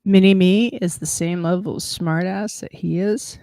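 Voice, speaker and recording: A woman's voice: on the low side, measured pace, no echo. A woman in her thirties chatting casually as a podcast co-host, telling stories with laughs and acted-out quotes. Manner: animated, laughing storyteller who acts out quotes. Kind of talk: casual chat, storytelling.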